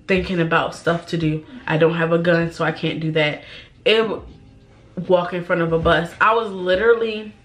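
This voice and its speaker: A young woman vlogging while doing her makeup, holding back tears and talking in a halting, repetitive way. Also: lowish voice, fairly bright tone. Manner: halting, emotional, repeats herself, sighs. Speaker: beauty vlogger. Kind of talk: get-ready-with-me chat.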